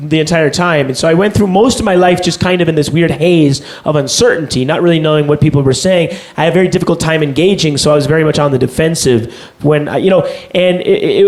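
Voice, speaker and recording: A young man doing a rambling, profane, self-deprecating stand-up set on a comedy stage. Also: on the high side. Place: comedy stage before a live audience. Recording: live club recording with loud crowd noise.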